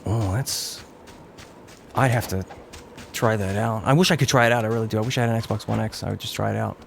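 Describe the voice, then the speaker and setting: A man's voice: steady tone, fairly quick, vocal fry. A young man streaming a game, chatting casually, reading viewer comments aloud and swearing at the action. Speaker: gaming streamer. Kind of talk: casual live-stream chat while playing. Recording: noisy low-quality stream audio.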